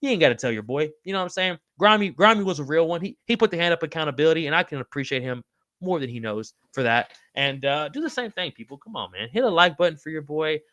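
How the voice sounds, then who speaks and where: A man's voice: fairly high pitch, animated, fast talker, no echo. Slangy, hyped-up male livestream host. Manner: slangy, hypes viewers and shouts out chatters. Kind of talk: casual livestream chat, reading comments.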